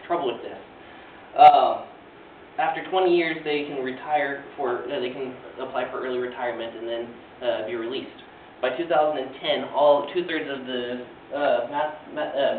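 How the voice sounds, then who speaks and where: A man's voice: mid-range voice, a little hiss or hum. Young male student speaker, earnest, filler-heavy, far-off, echoey and tinny recording. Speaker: student giving a class speech. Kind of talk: presentation speech. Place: classroom.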